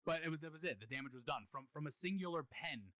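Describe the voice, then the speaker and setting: A man's voice: fairly high pitch, lively intonation, quick pace, pushed and bright, no room sound, rough recording. A man hosting a podcast in casual chat, earnestly explaining at length, with frequent swearing and restarts. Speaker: podcast host.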